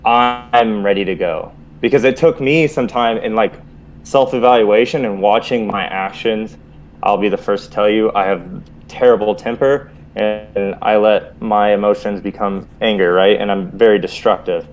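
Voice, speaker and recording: A man's voice: on the low side, fairly even intonation, normal speed, darkish tone, a little hiss or hum. A man who served in the Army talks candidly and reflectively in a casual group chat among veterans. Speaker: podcast co-host, Army veteran.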